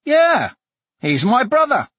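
A man voicing an eager young street boy in a storybook reading, giving quick high answers. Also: wildly swooping pitch, sharp tone, dry recording, full character voice.

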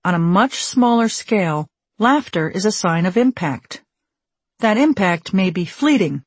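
A woman narrating a memoir audiobook in a measured, wry storytelling manner, recorded on a studio microphone. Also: medium pitch, lively intonation, no room sound.

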